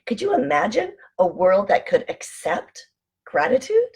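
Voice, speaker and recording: A woman hosting a casual motivational vlog from home, chatty and animated as she tells anecdotes. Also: medium pitch, measured pace, husky. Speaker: online show host.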